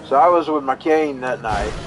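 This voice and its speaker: A man's voice: medium pitch, moderate pace, noisy background. A man telling a long personal story in a casual, rambling way while live streaming, often repeating and restarting his words. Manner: rambling, folksy, repeats himself.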